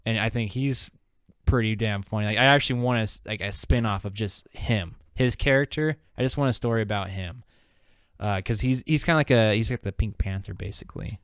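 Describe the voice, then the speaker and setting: Speaking a little fast, a man with a lowish, clean-toned voice co-hosts a podcast in loose, rambling conversation thick with fillers and restarts. The studio sound is clean, with no echo.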